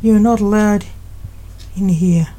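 A woman's voice: medium pitch, steady tone, measured pace, dark tone, natural voice, poor audio. A woman reading the part of a stern, protective middle-aged father.

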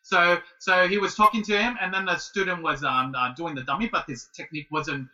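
A man in his late thirties telling a casual story as a guest, animated and halting, with many restarts. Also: sits high, far from the mic, rough recording. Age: 30s. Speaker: guest, martial arts student.

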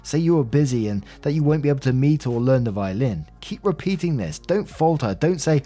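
A man's voice: medium pitch, animated, fairly quick, hardly any pauses, warm tone. A man reading online posts aloud and chatting casually about them as host, with conversational asides. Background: faint music.

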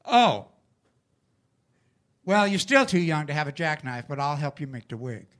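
A blunt, grumbling dairy-farmer dad who fires off his refusals quickly, as an older man retells him. The voice is bright and rather high for a man. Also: very animated. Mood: gruff. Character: gruff cussing dairy-farmer dad, middle-aged.

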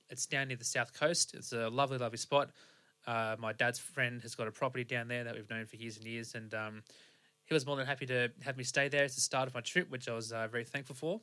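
A man's voice: medium pitch, pushed and bright. A young Australian man hosting a podcast, telling a road trip story in a rambling, casual way with lots of fillers and restarts. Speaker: podcast host.

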